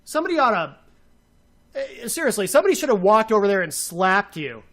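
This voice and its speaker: A man's voice: high voice, big pitch swings, brisk, fairly bright tone. Man, radio co-host, angry rant, sarcastic, insulting, heated.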